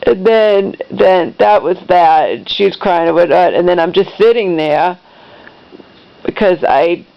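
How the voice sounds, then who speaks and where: A woman's voice: lowish voice, expressive, measured pace, vocal fry, muffled recording. Middle-aged woman rambling through a painful story. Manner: rambling, emotional retelling with restarts. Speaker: vlogger. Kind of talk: personal storytelling to camera.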